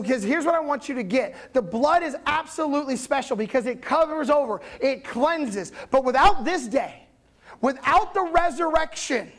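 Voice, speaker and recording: Conversational pastor telling a story. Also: high voice. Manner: conversational, animated storytelling with audience check-ins. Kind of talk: sermon.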